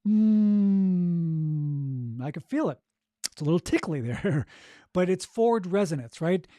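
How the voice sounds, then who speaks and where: Man, higher voice, dry close sound, podcast coach, encouraging, checks in often. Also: very animated, moderate pace, dark tone, dry recording. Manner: encouraging, repeats "right?" and "okay?", demonstrates vocal exercises. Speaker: audiobook narration coach.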